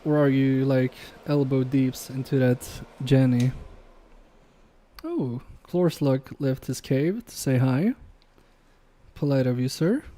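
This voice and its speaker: Slow, mellow-voiced man bantering with chat. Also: mid-range voice. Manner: joking, swearing banter with chat; laughs often between remarks. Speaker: electronics repair streamer. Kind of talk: casual live-stream chat while repairing.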